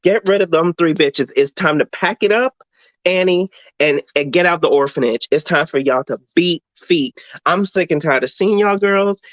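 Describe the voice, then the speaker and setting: A man's voice: a little high, normal speed, a bit bright, no echo. Sassy foul-mouthed guy ranting, dry lo-fi dull mic sound. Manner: blunt, sassy, swears a lot. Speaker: podcast co-host. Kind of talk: casual opinionated review chat.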